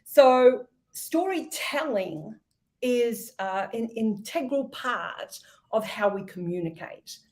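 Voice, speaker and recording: A woman from Australia with an Australian accent, a sales expert explaining her ideas in an interview, thoughtful and measured. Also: on the high side, lively intonation, darkish tone. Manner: thoughtful, measured, with ums and light laughs. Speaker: podcast guest, sales expert.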